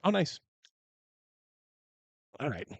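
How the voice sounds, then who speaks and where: A man's voice: very slow, dry recording, muffled recording. A man narrating as game master of a tabletop game, loose and chatty, laughing often.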